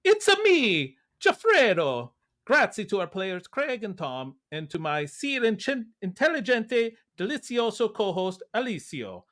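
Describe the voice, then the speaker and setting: A man's voice: sits high, huge pitch swings, a little slow, a bit bright, voice pushed up, heavily acted. A man putting on a jolly cartoonish Italian man with an exaggerated fake Italian accent. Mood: hammy.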